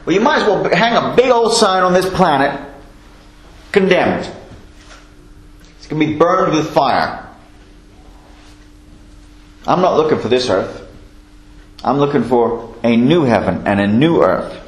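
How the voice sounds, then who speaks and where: A man preaching a sermon, reading scripture slowly and then explaining it in a chatty way. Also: a little high, lively intonation, roomy sound, rough recording.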